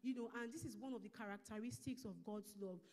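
A woman with a Nigerian English accent teaches a Bible lesson in a steady, explanatory way. She slows down when reading verses aloud. Her voice is somewhat high but mellow, with a long reverb from the hall around her. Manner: measured, explanatory, reads scripture slowly. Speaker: church minister teaching a lesson. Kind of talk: sermon-style Bible teaching.

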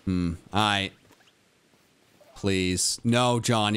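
A young man streaming a game live, talking to himself and his chat, with mock-dramatic groans and sudden high yelps. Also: slow, a bit bright, clear, resonant tone. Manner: addresses his chat directly. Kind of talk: live gameplay commentary.

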